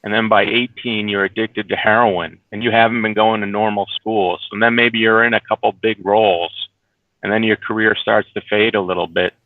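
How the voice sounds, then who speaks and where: Low-voiced man on a tinny phone line. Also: little pitch movement, moderate pace, no echo. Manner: earnest, stumbling restarts and repeated words. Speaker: documentary producer, interview guest. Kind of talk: casual remote interview.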